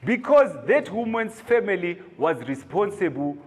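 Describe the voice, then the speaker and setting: A man's voice: high voice, very animated, moderate pace, noisy background. A man putting on a giddy, brash Zimbabwean guy. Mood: elated.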